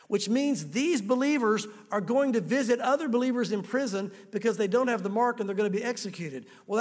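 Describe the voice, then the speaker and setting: A man's voice: high-pitched, in a large hall. A male pastor preaching a sermon, earnest and direct, putting rhetorical questions to his listeners.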